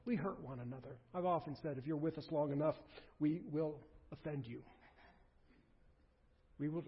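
A pastor with a slightly high, husky voice preaches to his congregation in a church sanctuary, earnest and pleading, often restarting his sentences. The sound is muffled, with a long hall echo.

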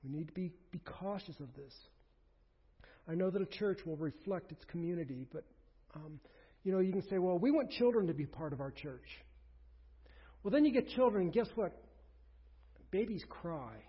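A man preaching a sermon as pastor, conversational and animated, with asides and quoted voices. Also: sits high, normal speed, slightly rough. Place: church sanctuary. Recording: dull sound with long reverb in a hall.

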